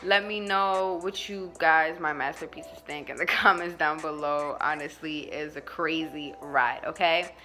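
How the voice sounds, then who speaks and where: A woman's voice: low voice, steady tone, measured pace, few pauses, bright, forceful tone, faint music behind. A young woman vlogger telling a personal story in a casual, slangy way, laughing often as she goes.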